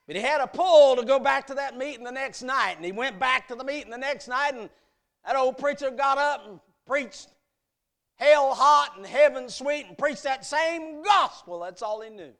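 A male preacher giving a sermon at a youth meeting, telling a story with emphatic swells and soft drops. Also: very high-pitched, normal speed. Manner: emphatic storytelling that rises and falls.

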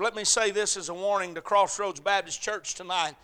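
A man preaching a sermon with passion, in rhythmic, repeated phrases that move from hushed to shouting. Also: sits high, steady tone, fairly quick, smooth. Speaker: pastor.

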